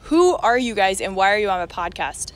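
A woman's voice: mid-range voice, big pitch swings, a little fast. A young woman hosting a podcast in casual, giggly chat, recorded outdoors in a breeze. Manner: bubbly, giggly, chatty with fillers. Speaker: podcast host.

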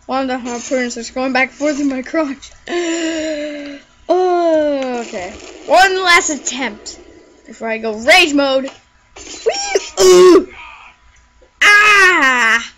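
A woman giving let's play commentary, excitable and jokey, squealing and shrieking at the game and chattering to herself. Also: sits high, slow pace, a little hiss or hum, poor audio. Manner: jokey running self-talk. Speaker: gaming video creator.

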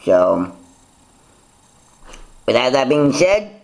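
A man's voice: mid-range voice, big pitch swings, drawn-out words, a little mellow, reverberant, rough recording. A young man talking casually to his vlog audience, rambling and poking fun at himself. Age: young adult. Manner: rambling, self-mocking, laughs at himself. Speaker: vlogger.

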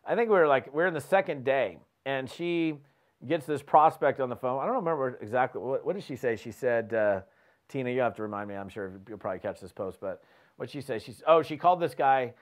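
A man hosting a podcast, giving a lively coaching talk as an animated storyteller who often restarts his sentences. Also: medium pitch, brisk. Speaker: host.

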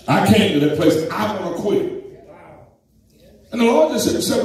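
Echoey preacher with a high voice. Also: male voice, lively intonation, unhurried, darkish tone. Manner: conversational preaching with call-outs to congregation. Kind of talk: sermon. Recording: very echoey church from a distance.

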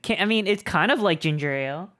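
A woman's voice: fairly low pitch, expressive, fast talker, a bit bright. A woman hosting a game stream, chatting casually in a playful, giggly way. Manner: playful, giggly, talks in bursts. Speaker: streamer host.

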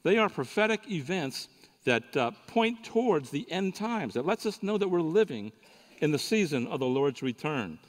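A man preaching to a conference crowd in a folksy, joking storytelling manner. His voice sits a little high for a man, carried by the long reverb of a big hall. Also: very animated, normal speed. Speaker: conference speaker. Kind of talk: sermon with humorous story.

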